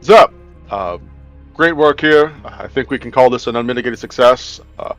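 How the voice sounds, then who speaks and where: A man playing a tabletop game in casual chat. His voice is mid-pitched and he breaks into excited bursts. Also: moderate pace, faint music behind. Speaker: player.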